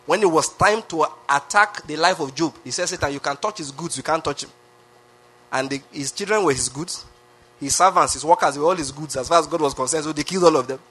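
A Nigerian-accented pastor preaching a sermon with emphatic repetition, often asking the congregation questions. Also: male voice, a little high, fast talker, a bit bright, husky. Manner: emphatic, repeats phrases, asks the crowd questions.

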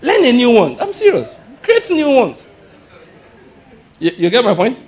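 A man preaching a sermon in an animated, laughing way, often acting out exclamations. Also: very high-pitched, measured pace, breathy edge. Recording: dull lo-fi sound.

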